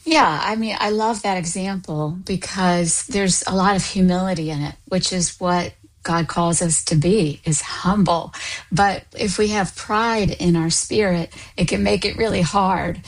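A woman counselor answers questions as a talk-show guest. Her voice is a little low for a woman, and she talks in a thoughtful, explaining way. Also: fairly even intonation, a little slow, poor audio. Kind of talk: interview answers.

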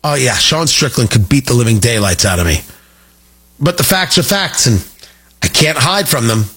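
A man's voice: medium pitch, very animated, normal speed, a bit bright, husky. A man hosting a radio talk show, talking in an emphatic, sarcastic way about politics.

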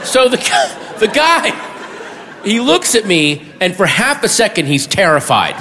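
Man, stand-up comedian, lively swooping voice, shouted punchlines, live hall echo, faint crowd. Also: high-pitched, unhurried, background noise. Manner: animated, bursts into shouting punchlines. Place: large hall with audience.

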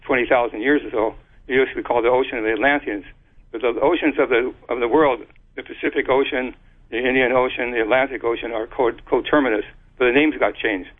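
His voice, middle in pitch, comes through a thin, tinny phone line as he speaks as an interview guest. The man outlines his theory in a halting way, with many restarts and letters spelled aloud.

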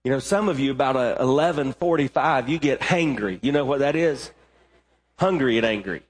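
A man's voice: mid-range voice, moderate pace, long reverb tail. A male pastor preaching a sermon in a church, emphatic and full of rhetorical questions, sometimes repeating words as he builds up. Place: church sanctuary.

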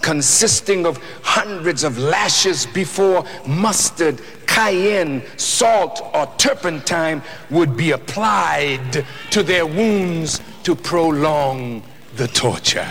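A man giving an impassioned speech to an audience, preaching with slow, deliberate emphasis and rising to shouts. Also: on the high side, lively intonation. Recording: echoey hall with faint noise.

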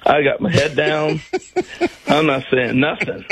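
An older man, a former major league player, telling baseball stories on a talk show in a casual, animated way and acting out other people's lines. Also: fairly high pitch, takes it slowly, rough recording. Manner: animated storyteller, acts out other people's lines, laughs often.

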